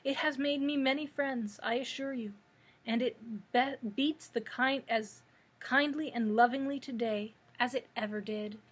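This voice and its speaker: A woman reading aloud and voicing a gentle, polite tin man full of gratitude. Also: a little high, fairly even intonation, unhurried, husky. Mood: grateful. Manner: polite and warmly grateful. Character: kind tin man with a loving heart.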